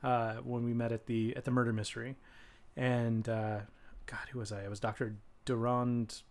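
A man's voice: mid-range voice, little pitch movement, normal speed, darkish tone. Jokey man in casual chat. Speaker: podcast co-host.

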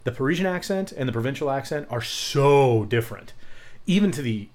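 A man co-hosting a casual chat about accents, joking and quick with asides. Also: mid-range voice, expressive, a little mellow. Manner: jokey, quick asides, laughs easily. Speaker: podcast co-host.

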